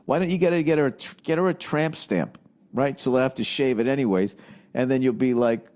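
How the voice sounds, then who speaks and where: A man's voice: medium pitch, moderate pace, long pauses, a little mellow. A man hosting a podcast, reading listener questions aloud and riffing on them in a profane, exasperated comedic rant. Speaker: podcast host. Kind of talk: ranting comedic monologue.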